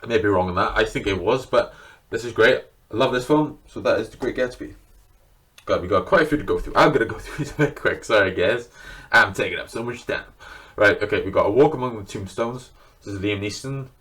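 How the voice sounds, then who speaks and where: Man, lowish voice, casual unscripted vlog chat, enthusiastic, swears a lot. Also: fairly quick, a bit bright. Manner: chatty and enthusiastic, swears freely. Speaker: video creator showing his film collection.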